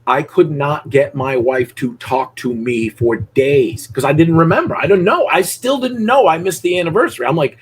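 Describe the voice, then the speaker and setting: A middle-aged man coaches a dog-training student in a blunt, profane way. His voice is husky and sits a little high, and he slips into voices for dogs and people as he explains. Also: normal speed, few pauses. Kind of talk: live coaching session.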